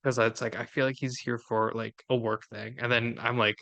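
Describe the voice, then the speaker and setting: Upbeat chatty man with a bright voice. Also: mid-range voice, level tone, normal speed, gravelly. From Minnesota. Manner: chatty, upbeat, laughs often. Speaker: podcast co-host. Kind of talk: casual chat.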